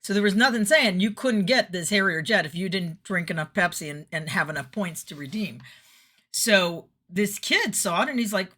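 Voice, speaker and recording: Chatty middle-aged woman vlogger, bright forward tone, storyteller who laughs a lot. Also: medium pitch, lively intonation, normal speed. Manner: chatty, laughs often, acts out quotes. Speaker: vlogger giving weekly messages. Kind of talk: casual storytelling monologue.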